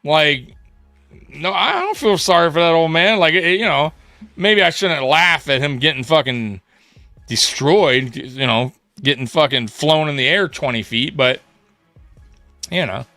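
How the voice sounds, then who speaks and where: A man's voice: fairly high pitch, expressive, unhurried, sharp tone, dry recording, faint music behind. A man hosting a sports livestream in a casual chat, laughing often and swearing in slang. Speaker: livestream sports show host.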